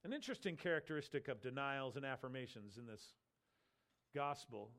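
A man's voice: mid-range voice, a little fast. A man preaching an expository sermon, explaining a Bible passage and briefly acting out the voices he quotes. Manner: animated teaching, acts out quoted voices.

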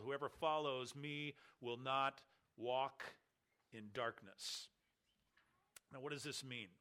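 Bright-voiced preacher, emphatic teaching. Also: male voice, fairly high pitch. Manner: emphatic, repeats key words, explains Greek terms. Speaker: pastor. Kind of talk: expository sermon.

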